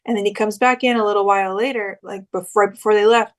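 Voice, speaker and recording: A woman's voice: mid-range voice, steady tone, fast talker. A young woman co-hosting a podcast, telling a story in a chatty way and acting out the quoted lines. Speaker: podcast co-host. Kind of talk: casual chat.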